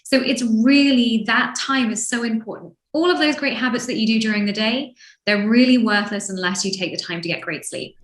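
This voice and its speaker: A woman from London with an English accent, a sleep expert guest who talks in an animated way and acts out people's reactions. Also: a little high, moderate pace, roomy sound. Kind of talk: lively interview chat.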